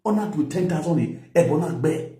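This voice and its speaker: A man with a Nigerian accent lectures and scolds, his fairly high voice swooping up and down. The tone is mellow and dark. The echo of a bare room hangs around his words. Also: lively intonation, brisk. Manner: lecturing, mixing pidgin and local language. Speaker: social media commentator. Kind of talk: scolding commentary.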